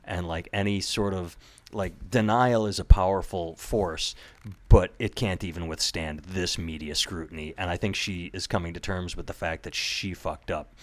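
A man in casual podcast chat, rambling and animated, swearing freely. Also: low voice, normal speed.

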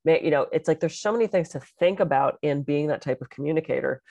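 A middle-aged woman with a slightly low voice, talking in a lively, animated way as she tells stories in a casual podcast chat. Her voice is close and dry, with no room echo. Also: fast talker, gravelly. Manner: animated, expressive storyteller. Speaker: podcast co-host and public speaker.

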